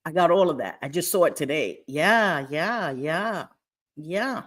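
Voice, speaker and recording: Streaming live from home, a middle-aged woman talks in a deep, expressive voice at an ordinary pace. Her manner is blunt and full of cursing, punctuated by regular laughs.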